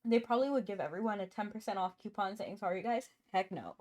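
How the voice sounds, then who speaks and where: A chatty woman streams a game and talks casually with her viewers, laughing often and stopping now and then to cough. Her voice sits at an ordinary middle pitch. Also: darkish tone. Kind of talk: casual live-stream chat.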